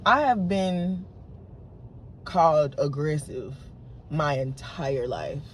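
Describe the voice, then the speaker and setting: A woman's voice: low-pitched, lively intonation, slow, a little hiss or hum. A woman in her late twenties, talking straight to camera in an unedited vlog and retelling an argument with frustration. She speaks with lots of fillers and restarts. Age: late 20s. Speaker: vlogger. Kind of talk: unedited casual monologue to camera.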